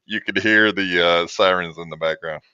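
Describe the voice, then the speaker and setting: A man with a lowish voice explains things calmly and plainly in a casual podcast chat. His tone is bright and smooth, coming across dry and a little dull and lo-fi. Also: normal speed, dry recording. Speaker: podcast guest.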